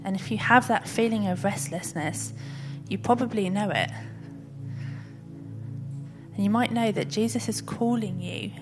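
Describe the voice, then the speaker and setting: A woman gently leading a congregation in prayer and response. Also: medium pitch, measured pace, long pauses, music in the background. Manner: gentle, inviting. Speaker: worship leader.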